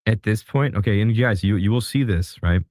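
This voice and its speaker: A man's voice: on the low side, fairly quick, a little mellow, no echo, studio quality. A man co-hosting a casual reaction chat, with exasperated, sarcastic asides about a debate clip.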